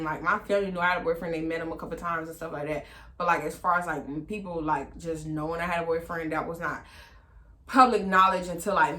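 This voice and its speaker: A woman tells a personal storytime in a casual, slangy way, full of fillers. Her voice is bright and forceful and sits a bit low. She jumps up high when she acts out what others said. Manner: animated, acts out quoted voices with big pitch jumps. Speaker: storytime vlogger.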